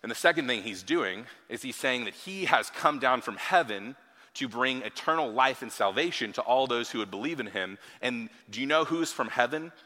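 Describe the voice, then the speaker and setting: Male pastor, sermon, casual and chatty, crisp bright tone, long hall reverb. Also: medium pitch, lively intonation, normal speed. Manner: conversational, with frequent rhetorical "right?" asides. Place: church hall.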